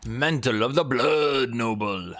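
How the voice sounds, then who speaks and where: Streaming a strategy game, a young man talks to his viewers slowly in a mid-range, slightly bright voice. The gameplay commentary is casual and wry, punctuated by sudden exclamations and thoughts left trailing.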